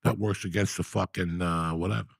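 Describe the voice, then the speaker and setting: A middle-aged man tells his stories with a rough, gravelly rasp in a lowish register. He gets animated and profane as he talks. The sound is close and dry, with no room around it. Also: brisk, no room sound. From New Jersey. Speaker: podcast host. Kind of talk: storytelling in casual chat.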